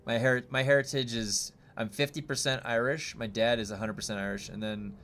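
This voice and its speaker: A man's voice: medium pitch, steady tone, fairly quick, a bit bright, slight background noise. A man from the United States streaming a game and chatting casually with viewers, rambling with many fillers and restarts.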